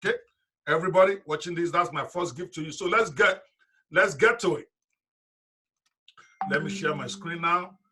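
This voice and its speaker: Bright, high-voiced male seminar coach. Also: moderate pace, pauses often, slight background noise. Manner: emphatic, direct, repeats for the audience. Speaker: online business coach. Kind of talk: live online seminar.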